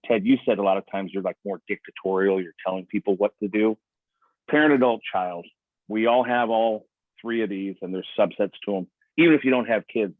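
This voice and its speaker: Man, sales trainer, lowish voice, acts out quotes, tinny phone-like sound, dry. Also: no room sound. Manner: conversational, acts out quoted speech in other voices. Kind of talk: coaching talk on a video call.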